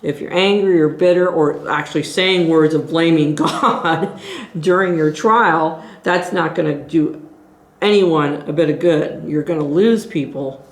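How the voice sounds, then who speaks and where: A woman's voice: deep voice, measured pace. A woman leading a group Bible study, teaching in an earnest, exhorting way as she thinks aloud. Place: church meeting room. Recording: echoey room.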